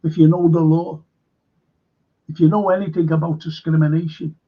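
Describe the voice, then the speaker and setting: A man's voice: fairly high pitch, little pitch movement, moderate pace. An older man hosting a casual livestream, rambling with many fillers and repeating himself as he reads the chat. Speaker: livestream host reading chat. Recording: dull lo-fi stream audio.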